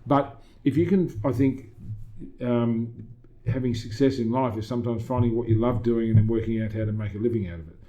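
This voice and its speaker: A middle-aged Australian gym owner appears as a guest in a casual interview, speaking emphatically and motivationally and often quoting his own words. His medium-pitched male voice is fairly quick and dark in tone, and the audio sounds dull.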